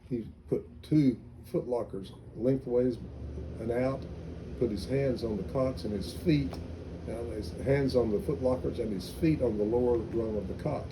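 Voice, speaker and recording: A man's voice: medium pitch, dark tone, slight background noise, rough recording. An older man, a veteran, recalling his army days in an oral history interview, telling anecdotes with many restarts. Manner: rambling anecdotal storytelling with restarts.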